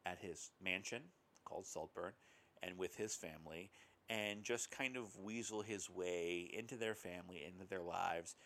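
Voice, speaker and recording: A man co-hosting a podcast talks casually about movies in a rambling, hesitant way, dropping lots of ums and uhs. His voice sits low with a fairly bright tone.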